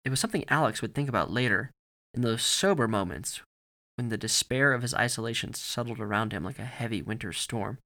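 A man reading a story aloud in a steady, grave narrating manner. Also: mid-range voice, fairly quick.

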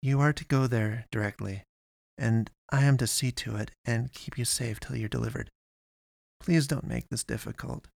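Male reader as a deadpan young woman guide, terse, slow, dry close read. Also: mid-range voice, gravelly, no room sound, natural voice. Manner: flat, curt, slow and firm.

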